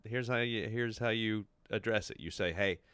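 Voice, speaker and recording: A man speaking as a podcast guest in casual chat, animated and emphatic. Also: fairly low pitch, moderate pace, clean tone, no echo.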